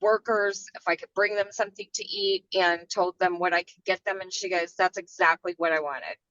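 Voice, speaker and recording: A woman's voice: on the low side, steady tone, normal speed, fairly bright tone, no echo, lo-fi sound. An older woman on a video call, sharing her experience hesitantly and searching for her words. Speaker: workshop participant.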